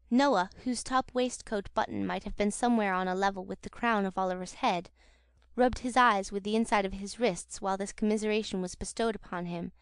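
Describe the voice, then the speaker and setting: A woman reads a classic novel aloud in a measured, dramatic audiobook style. Her pitch is mid-range for a woman, and the recording is dry and close with no room sound. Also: smooth, no echo. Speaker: audiobook narrator. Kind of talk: expressive audiobook narration.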